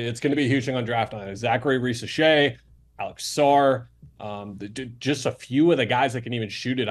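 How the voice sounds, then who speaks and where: A young man, a sports reporter guest, talking fast and animated in a casual podcast chat, full of restarts. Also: medium pitch.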